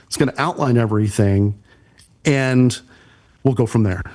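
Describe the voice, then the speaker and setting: A man's voice: mid-range voice, moderate pace, darkish tone. A man, a church production pastor and podcast guest, earnestly telling an emotional personal story.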